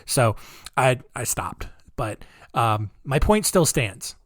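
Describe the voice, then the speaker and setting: A man hosts his own podcast in a loose, rambling monologue, often restarting his sentences and filling pauses with "uh" and "um." His voice sits at an ordinary middle pitch. He is recorded close and dry, with no room sound around him. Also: big pitch swings, no echo. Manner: rambling and chatty, with many fillers and restarts. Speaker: podcast host. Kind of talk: casual solo podcast monologue.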